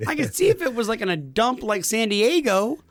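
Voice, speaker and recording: A man's voice: very high-pitched, big pitch swings, fairly quick, fairly bright tone, slight background noise. A man co-hosting a casual gaming podcast, joking around and laughing as he talks. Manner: joking, laughs while talking. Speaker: podcast co-host. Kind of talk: casual chat.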